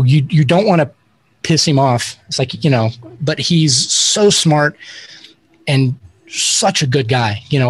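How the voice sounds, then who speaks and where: A man's voice: fairly high pitch, slightly rough. A man talking as an interview guest, telling rambling, self-deprecating stories with many restarts. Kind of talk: casual interview storytelling.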